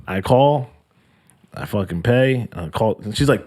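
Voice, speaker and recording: Husky-voiced man telling a profane story. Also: lowish voice, a little slow. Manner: profane, animated, acts out quotes. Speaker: podcast co-host. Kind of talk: casual storytelling.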